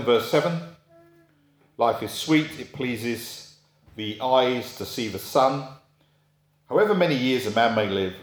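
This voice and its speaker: In an echoey room, a man preaches a sermon like he's telling a story, conversational and full of rhetorical questions. When he acts out quoted voices, he shifts into a high pitch.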